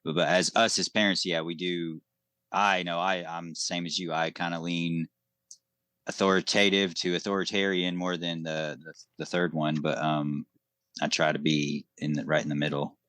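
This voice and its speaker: A man's voice: low-pitched, flat delivery, moderate pace, a bit bright, dry recording. A man co-hosting a podcast as a father, telling an anecdote in a loose, casual way with fillers.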